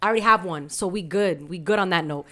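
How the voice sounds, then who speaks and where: A woman's voice: on the low side, quick pace, sharp tone. A woman podcast co-host telling a candid story in casual chat, full of slang and Spanish asides.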